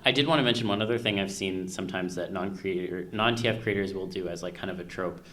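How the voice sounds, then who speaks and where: Podcast co-host, male, low but bright, forceful voice, emphatic joker who swears. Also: fast talker. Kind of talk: casual chat.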